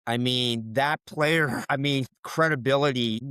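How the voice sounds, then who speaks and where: This DC-area basketball official, middle-aged, offers coaching tips in an interview, hammering home and repeating key points. His voice sits at medium pitch with a measured pace and a pushed, bright, clear and resonant tone, recorded without echo.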